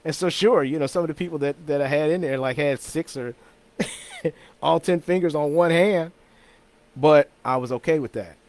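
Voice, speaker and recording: A man's voice: a little high, normal speed, darkish tone. A man hosting his own weekly talk show, chatting casually in an easygoing, rambling way with frequent restarts and repeated words. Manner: chuckles between thoughts. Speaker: host of a weekly talk stream.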